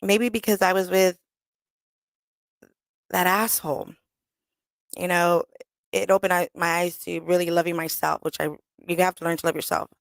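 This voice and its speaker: Woman, radio host, blunt, profane, animated storyteller, dry close mic. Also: on the low side, moderate pace, vocal fry, pauses often, no echo. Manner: blunt, profane and animated, acts out quoted voices. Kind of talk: candid storytelling monologue. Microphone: studio microphone.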